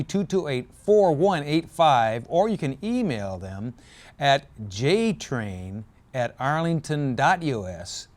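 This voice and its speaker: A man hosting a community news show, reading stories in a relaxed, joking way with fillers and self-corrections, and losing his voice. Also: medium pitch.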